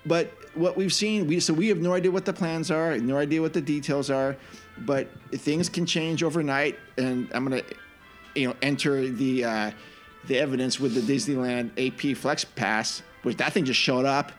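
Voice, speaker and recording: A man co-hosting a casual theme-park podcast, talking in an animated, opinionated way with frequent restarts. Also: medium pitch, moderate pace, faint music behind. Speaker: podcast co-host. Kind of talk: casual chat.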